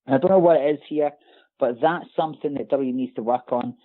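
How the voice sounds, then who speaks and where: Scottish male co-host, animated and sarcastic, tinny call audio. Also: medium pitch, quick pace. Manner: animated, ranting, sarcastic asides. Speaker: podcast co-host. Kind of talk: casual podcast chat. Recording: tinny phone-like call line.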